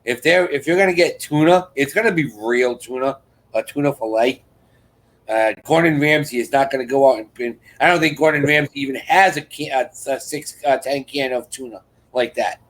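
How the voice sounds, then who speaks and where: Heard on a low-quality recording, a man with a medium-pitched, slightly bright voice talks at normal speed as host of a live chat. His story rambles and repeats, with restarted sentences and other people's lines acted out in quoted voices.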